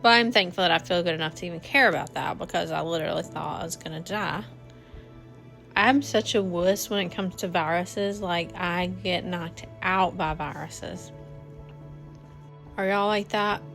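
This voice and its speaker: A woman's voice: fairly low pitch, normal speed, creaky, a bit bright. A woman, chatting casually to viewers while cleaning her home kitchen. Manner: chatty, addresses viewers as y'all. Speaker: cleaning vlogger. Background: faint music.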